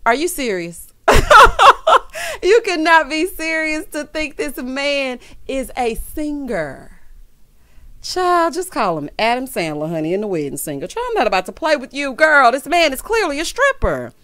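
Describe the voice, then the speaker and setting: Sing-song and high-pitched, this recap host speaks at a moderate pace with a fairly bright tone, recorded dry in a clean studio. She sassily walks through a TV episode, tossing out "honey" and "child" and impersonating the characters' lines.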